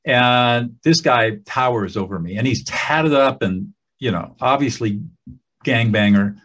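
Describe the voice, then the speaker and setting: A man telling a story in a relaxed talk, acting out the voices of the people he quotes. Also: medium pitch, a little slow, rough recording. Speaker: teacher of emotional skills.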